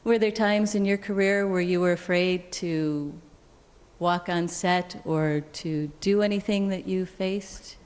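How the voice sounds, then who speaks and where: A woman's voice: lowish voice, steady tone, slow, darkish tone. A woman actress sharing an anecdote and asking earnest, encouraging questions at a panel. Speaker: actress, co-interviewer. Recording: echoey hall.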